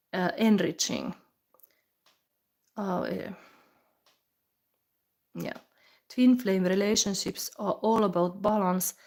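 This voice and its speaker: Woman doing a live tarot reading, slow musing voice, mid pitch. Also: darkish tone, poor audio. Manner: slow, musing, reads card texts then comments with fillers. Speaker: tarot reader.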